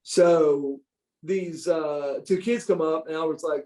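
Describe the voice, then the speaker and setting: Middle-aged male guest, higher-pitched voice, swears freely and restarts often while telling stories. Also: takes it slowly. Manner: animated, profane, frequent restarts. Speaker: interview guest. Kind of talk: casual storytelling.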